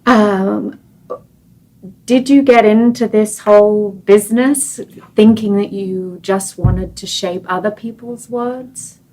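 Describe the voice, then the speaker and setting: A woman hosting a podcast interview, asking quick, enthusiastic questions. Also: mid-range voice, steady tone, mellow, low-quality recording. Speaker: podcast host.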